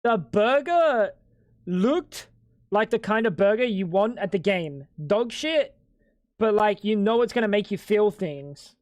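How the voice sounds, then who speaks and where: A man's voice: high voice, animated, measured pace, a little mellow, dry recording. A young man streaming live at home, bantering with chat in a crude, joking way. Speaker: livestreamer.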